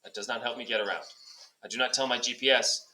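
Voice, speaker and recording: A male teacher giving brisk step-by-step classroom instructions, lightly joking. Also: medium pitch, steady tone, bright, forceful tone, rough recording. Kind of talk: classroom instructions recorded for a substitute.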